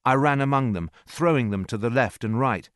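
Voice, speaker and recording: A man narrating a story in a slow, clear reading voice. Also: mid-range voice, no room sound, clean studio sound. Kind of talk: scripted narration.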